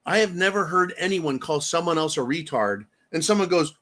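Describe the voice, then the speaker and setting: A man's voice: on the high side, lively intonation, brisk, fairly bright tone. Emphatic man hosting a talk show. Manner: rambling, emphatic, mocking voices for quotes. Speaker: show host. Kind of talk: opinionated talk-show commentary.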